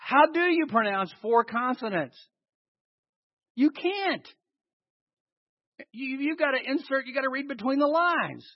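A man's voice: very high voice, normal speed, hardly any pauses, dry recording. A man preaching a sermon, quizzing his listeners with questions and answering them himself. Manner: animated, asks the congregation questions and answers them. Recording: dull lo-fi recording.

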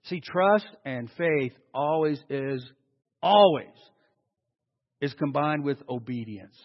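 A man preaching a sermon as a pastor, telling stories and swinging from loud acted-out quotes to hushed, slow emphasis. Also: fairly high pitch, animated. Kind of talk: sermon storytelling. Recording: dull sound with long hall reverb.

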